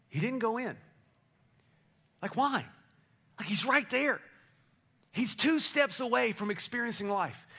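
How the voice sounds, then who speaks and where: Man, pastor, energetic sermon, playful, gravelly voice. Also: high-pitched. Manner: energetic, playful, rallies the congregation. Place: church sanctuary.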